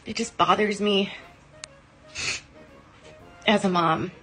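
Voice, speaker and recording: A woman's voice: mid-range voice, fairly even intonation, slow, sharp tone, soft background music, low-quality recording. An emotional woman hosting a livestream, talking in an impassioned, indignant, rambling way with fillers. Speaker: livestream host.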